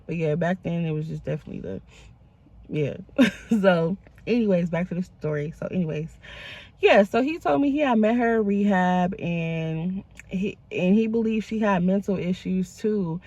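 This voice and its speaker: A woman's voice: lowish voice, moderate pace, a little mellow, lo-fi sound. A woman vlogger in telling a casual, profane storytime and calling her viewers y'all.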